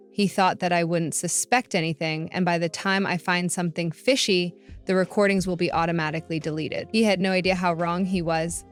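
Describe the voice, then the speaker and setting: Woman, story narrator, first-person revenge story, emphatic, indignant, low voice.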